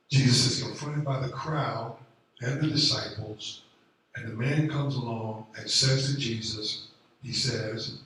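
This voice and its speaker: A man preaching a sermon as pastor, slow and deliberate, building in intensity and volume as he presses his point. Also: on the low side, a bit bright, slight background noise. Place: church sanctuary. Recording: very echoey room, voice from a distance.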